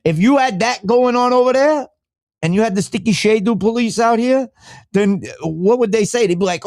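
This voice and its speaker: A man hosting a podcast rants casually, swearing a lot and staying animated as he thinks aloud while clicking through things. His voice sits high at a moderate pace.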